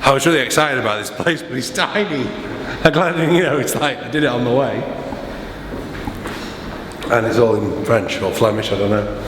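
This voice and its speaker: A man's voice: mid-range voice, normal speed, long pauses. Chatty man outdoors. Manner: chatty, jokey. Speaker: vlogger and saxophonist. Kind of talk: casual vlog storytelling. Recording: outdoor street and traffic noise.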